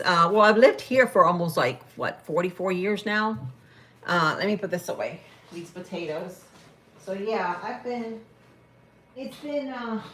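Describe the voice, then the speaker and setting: A woman in her fifties from Spain chats on a cooking livestream from her home kitchen. She rambles along with plenty of fillers, her voice sitting a little low. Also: a bit bright. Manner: chatty, rambling, with many fillers. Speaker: livestream host. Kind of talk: casual livestream chat while cooking.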